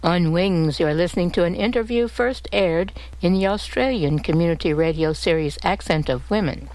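A woman announcing a radio program in a measured, scripted way. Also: fairly low pitch, darkish tone, no room sound, poor audio.

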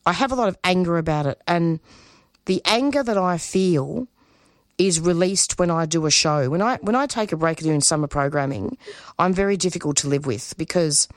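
A woman, a community radio producer speaking as an interview guest, earnest and emotional, halting and restarting her sentences. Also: low voice, no echo, studio quality. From Australia. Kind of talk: interview guest, spontaneous talk.

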